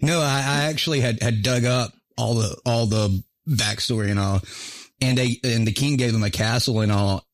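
A man's voice: medium pitch, moderate pace, no echo. A man chatting casually on a podcast, telling stories with a lot of laughter and swearing. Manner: laughs often, profane, animated storytelling. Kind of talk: casual chat.

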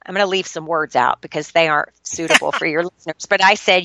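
A woman's voice: lowish voice, fast, vocal fry, few pauses, a bit bright, dry recording, dull audio. A middle-aged woman, a podcast guest, telling a personal story in an earnest, confessional and emotional way.

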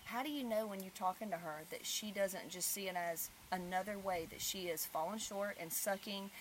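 A woman, a mother hosting a casual podcast chat and telling stories with lively swings in loudness. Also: mid-range voice, normal speed, a little hiss or hum. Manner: animated storyteller, swings loud when telling stories.

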